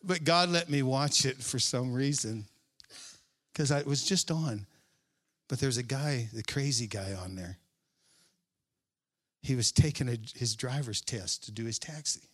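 A male pastor preaching a sermon, repeating key phrases with emphasis, drawing them out and now and then dropping to a hushed aside. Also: medium pitch, measured pace, pauses often.

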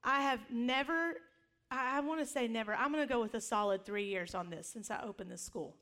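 A middle-aged woman pastor preaching in a relaxed, chatty way, her voice sitting a little high for a woman. She tells personal stories with humor and acts out what people said. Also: a little fast. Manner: conversational storytelling with humor and acted quotes. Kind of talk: sermon.

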